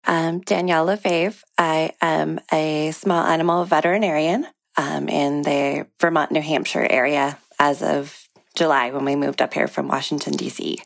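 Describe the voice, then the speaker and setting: A woman's voice: low voice, fairly even intonation, normal speed, vocal fry, hardly any pauses, no echo. A woman in her thirties, an interview guest, telling a personal story in a conversational way and briefly acting out the people she quotes.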